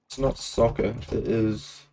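A young man's low-ish, mellow voice keeps a level tone and measured pace as he chats through a live game stream. He laughs frequently and throws in playful auctioneer-style calls.

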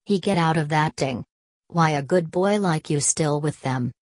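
Voicing a stocky, hot-tempered man who agitates in the streets, a woman reads his furious, pleading lines in clipped dialect for an audiobook. Her voice sits low with a darkish tone, measured in pace, and the recording is dry.

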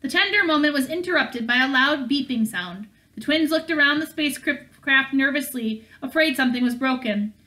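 A woman reading a novel aloud in a steady manner, with small slips and restarts along the way. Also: sits high, normal speed, hardly any pauses. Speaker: audiobook reader.

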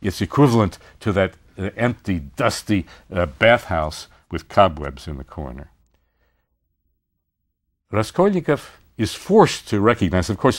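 Animated male literature lecturer. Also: lowish voice. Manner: animated and expressive, with rhetorical questions.

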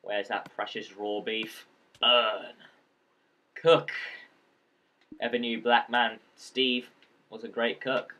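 A man with a fairly low voice talks through his gameplay in a loose, rambling way. He cracks jokes and talks straight to the creatures he meets. His tone is casual and unscripted. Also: little pitch movement, a little slow, bright, forceful tone. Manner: rambling, joking, talking to the game's creatures. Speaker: gameplay commentator. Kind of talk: casual let's-play commentary.

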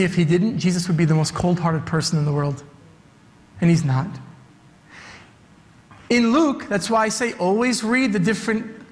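A man with a high voice delivers a sermon with emphasis, circling back to repeat his points. His voice rings through a church sanctuary with a long, lingering reverb. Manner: emphatic, repeats key phrases. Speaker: youth director preaching.

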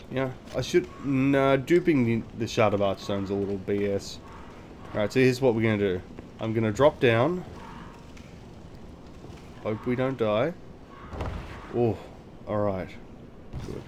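A man's voice: fairly low pitch, a little mellow, slight background noise. A man giving casual gameplay commentary, thinking aloud, explaining game mechanics and swearing freely. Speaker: gaming video host.

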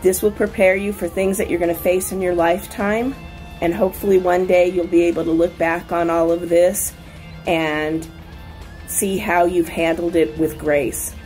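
Calm, low-voiced woman offering encouragement. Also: moderate pace, soft background music, low-quality recording. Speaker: relative giving a graduation message. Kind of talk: heartfelt video message.

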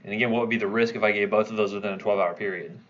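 A man's voice: lowish voice, fairly even intonation, rapid-fire, fairly bright tone, muffled recording. A man teaching a pharmacology review class, quizzing students and checking in with "right?" as he goes. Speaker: pharmacology instructor. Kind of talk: review lecture.

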